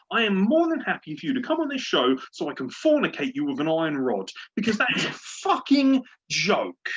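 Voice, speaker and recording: A man's voice: high voice, fairly bright tone, husky. Ranting, swearing man. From Britain. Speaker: podcast host. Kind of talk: casual sports chat. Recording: dull lo-fi podcast audio.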